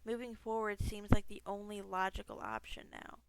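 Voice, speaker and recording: A woman's voice: mid-range voice, normal speed, vocal fry, clean tone, dry recording, rough recording. A woman gaming streamer reading a text game aloud, breaking off into casual asides, swearing freely and laughing at herself.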